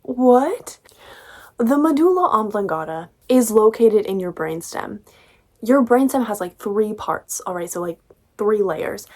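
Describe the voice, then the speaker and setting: A woman's voice: medium pitch, animated, a little slow, a little mellow. A young woman reviewing a book in a casual vlog, ranting with sarcastic exasperation and swearing freely.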